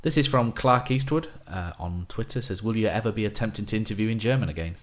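Male podcast host, lowish voice, deadpan reading, casual chat. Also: fast. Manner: reads commentary in a deadpan voice.

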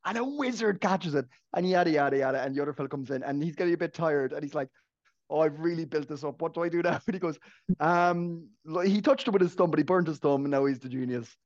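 A man's voice: a little high, quick pace, muffled recording. A man co-hosting a casual podcast, joking and laughing often as he talks, with frequent restarts. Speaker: podcast co-host.

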